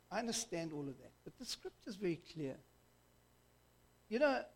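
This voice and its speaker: Middle-aged south african guy preaching, kinda high voice, casual jokey sermon. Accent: South African English. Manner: conversational and jokey, with digressions into school stories.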